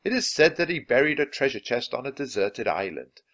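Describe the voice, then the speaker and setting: A man reading a children's chapter book aloud in an expressive, animated way. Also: medium pitch, brisk. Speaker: audiobook reader.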